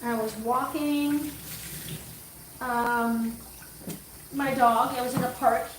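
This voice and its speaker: A woman's voice: a little high, steady tone, slow pace, recorded from a distance, noisy background. A middle-aged woman dog groomer chatting on a livestream, telling a story in a rambling, self-correcting way. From Canada. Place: grooming room. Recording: echoey room, voice off-mic.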